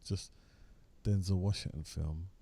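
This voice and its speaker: Teasing co-host, low and very dark voice, casual chat. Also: male voice, fairly even intonation, a little slow, creaky, husky. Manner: teasing, joking banter. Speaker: co-host of a live stream.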